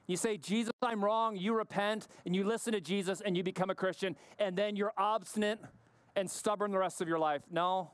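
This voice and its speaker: A man with a high, crisp voice delivers a sermon in a dry, close-miked sound. He speaks emphatically, asks pointed questions, and sinks low and slow for weight. He sounds middle-aged. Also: fairly even intonation, no room sound. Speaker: pastor.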